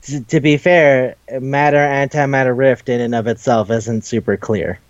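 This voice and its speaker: A man's voice: mid-range voice, steady tone, normal speed, no room sound, dull audio. A man casually retelling a cartoon episode, swearing, laughing and jumping into the characters' voices. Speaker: podcast host. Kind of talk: casual recap chat.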